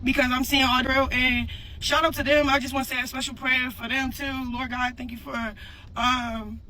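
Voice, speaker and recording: Speaking at normal speed in a level tone, this woman has a high, bright, forceful voice, caught on a low-quality recording with slight background noise. She's a mother addressing her audience in a heartfelt, casual video, rambling earnestly and leaning on "for real" and "you know what I'm saying" as she circles back.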